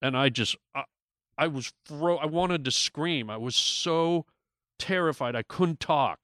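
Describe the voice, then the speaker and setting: A man's voice: a little high, measured pace, a bit bright, no echo, studio quality. A man, a guest comedian, telling a story in casual talk, with lots of restarts and acted-out quotes.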